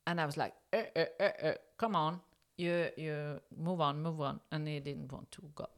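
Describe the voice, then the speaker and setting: A woman's voice: sits low, normal speed. A middle-aged woman from Norway, speaking English as an as an interview guest, telling a story casually with fillers and restarts and acting out the dialogue. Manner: hesitant, many fillers and restarts, lively when acting out dialogue.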